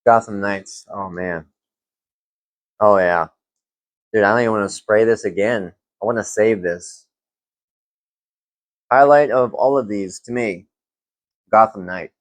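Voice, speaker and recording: A young man reviewing fragrances in a casual vlog, relaxed and rambling with lots of fillers. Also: lowish voice, measured pace, pauses often, dry recording.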